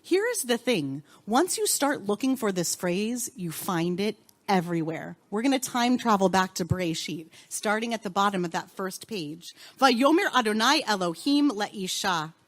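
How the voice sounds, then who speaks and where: A woman's voice: mid-range voice, very animated, moderate pace, few pauses. A woman rabbi and cantor teaching an interactive Torah class in a synagogue, calling on students and asking the group questions.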